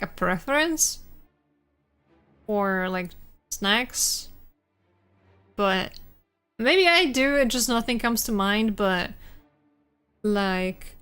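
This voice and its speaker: A young adult woman streaming live, chatting casually with viewers in a halting way, full of restarts and little laughs. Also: on the high side, a bit bright, smooth.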